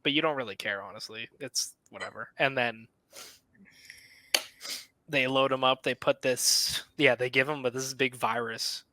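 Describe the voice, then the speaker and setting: A young man on a casual film podcast, his voice bright and forward. He talks excitably, swears freely and laughs as he retells scenes, recorded dry and close. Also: medium pitch, measured pace, dry recording, poor audio. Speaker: podcast co-host.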